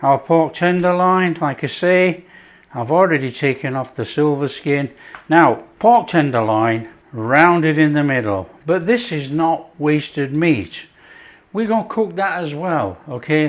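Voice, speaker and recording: A man's voice: on the high side, takes it slowly. A man hosting his own cooking show, chatting casually as he prepares a dish. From not France. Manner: chatty, relaxed, talks while working.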